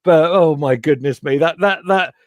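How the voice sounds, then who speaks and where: A man hosting a casual football chat stream over a video call, chatty and excitable, with lots of stumbling restarts. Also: fairly high pitch, moderate pace, dry recording. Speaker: host. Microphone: home computer mic on a video call.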